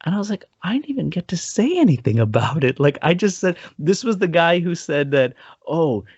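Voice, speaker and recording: Fairly high-pitched and quick, with a breathy edge, a male podcast co-host narrates a story animatedly, laughing and impersonating the people he quotes. There's no room sound, and the top end is cut off.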